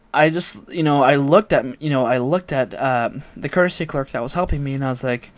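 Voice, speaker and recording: A man's voice: medium pitch, brisk, few pauses. A man from Oregon telling a story to his viewers in a rambling way, often correcting himself. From Oregon, United States. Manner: rambling, self-correcting, amused. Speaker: vlogger. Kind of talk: casual storytelling to camera.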